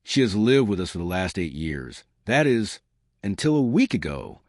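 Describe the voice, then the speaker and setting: A worried middle-aged wife pleads her case, read by a man. The voice sits low but swings widely in pitch. She sounds earnest, close and dry. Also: big pitch swings, moderate pace, no room sound, exaggerated voice. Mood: anxious. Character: frightened middle-aged wife, anxious, indignant. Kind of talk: audiobook reading.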